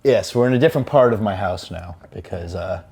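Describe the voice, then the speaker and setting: A young man co-hosting a podcast from his living room, blunt and self-mocking. His voice is gravelly and fairly animated in pitch, and faint noise sits under the home recording. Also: brisk. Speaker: podcast co-host. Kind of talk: casual podcast banter.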